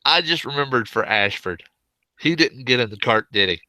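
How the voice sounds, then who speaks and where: A man narrating a tabletop game as game master, unhurried and full of fillers. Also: medium pitch, animated, sharp tone, dry recording, rough recording.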